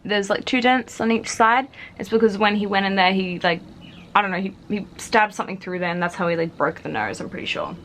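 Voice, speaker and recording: Speaking fairly quickly, this young adult woman vlogger has a medium-pitched, fairly bright voice, and there's slight background noise. Her casual personal story is chatty and packed with fillers, especially "like."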